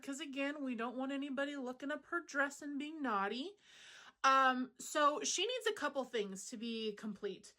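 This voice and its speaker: A woman's voice: high voice, sharp tone. A woman hosting a crochet channel, rambling in casual, meandering chat full of fillers, at home. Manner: chatty, meandering, lots of fillers.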